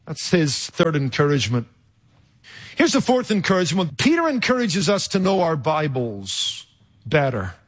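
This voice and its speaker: Guy preaching a sermon, fairly high voice, big dramatic swings and pauses. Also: huge pitch swings. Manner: emphatic and rhetorical, with dramatic pauses and sudden shifts in loudness.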